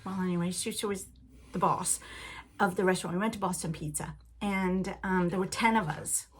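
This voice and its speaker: A woman hosting a knitting podcast in a rambling, chatty way, with frequent laughs and animated asides. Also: lowish voice, brisk, slight background noise.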